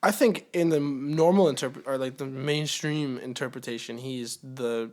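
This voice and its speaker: A man co-hosting a casual chat, teasing his partner with quick jokes. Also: medium pitch, a little mellow. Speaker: podcast co-host.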